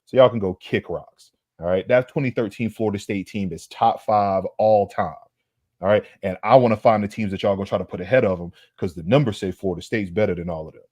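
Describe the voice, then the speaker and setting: A man's voice: lowish voice, fast talker, darkish tone, dry recording, studio quality. A man co-hosting a sports podcast, trash-talking rivals in a brash, emphatic way. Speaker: podcast co-host. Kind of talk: heated sports banter.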